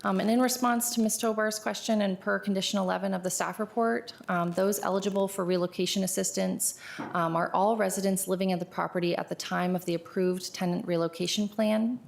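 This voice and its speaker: A woman on county planning staff giving a formal briefing to a board. She is steady and businesslike, with frequent "um" fillers. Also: mid-range voice, fairly quick, gravelly, slight background noise. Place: public meeting chamber.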